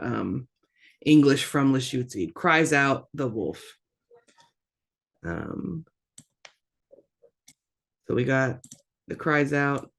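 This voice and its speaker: Super slow teacher going over words twice each, mid pitch, clears throat a lot, jokes around a bit. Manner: repeats each phrase slowly, clears throat often; casual, self-deprecating asides. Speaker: language teacher. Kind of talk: slow pronunciation drill with repetition.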